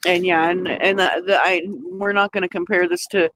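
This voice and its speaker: A woman on a live audio panel, talking bluntly and jokingly, quick to correct others. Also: on the low side, steady tone, a bit bright, poor audio. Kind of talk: casual live-stream chat.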